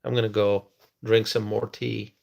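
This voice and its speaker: A man hosting a live stream, chatting with viewers and talking softly and slowly to rest his tired voice. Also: lowish voice, flat delivery, creaky, muffled recording.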